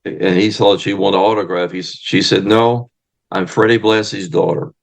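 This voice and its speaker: A man's voice: low-pitched, normal speed, gravelly. A man, a wrestling manager and historian, telling stories casually in an interview and acting out the people he quotes. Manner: animated storyteller acting out quoted voices loudly.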